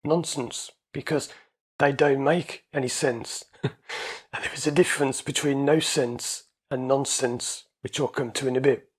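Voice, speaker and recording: A man's voice: mid-range voice, slightly rough. A man, an anxiety coach and hypnotherapist, explaining his ideas in a casual, conversational way and repeating his points.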